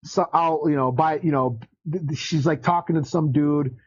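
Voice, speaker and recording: Male podcast co-host, a bit high-voiced, loose rambling storyteller who curses, muffled dry recording. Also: fairly even intonation, moderate pace, slightly rough. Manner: rambling, profane, laughs while retelling. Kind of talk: casual comic book chat.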